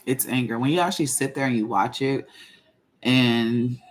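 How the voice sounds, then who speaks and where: A woman hosting her own channel, talking in a casual livestream and venting slowly and deliberately, circling back to repeat her points. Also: very deep voice. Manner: slow, measured venting, repeats herself. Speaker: channel host.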